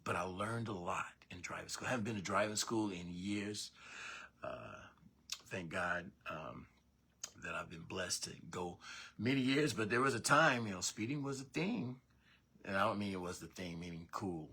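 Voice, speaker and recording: A man hosting a casual morning sports show from his basement, rambling and correcting himself with animated asides. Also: low-pitched, moderate pace, gravelly, slightly rough. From Northeast Tennessee. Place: home basement.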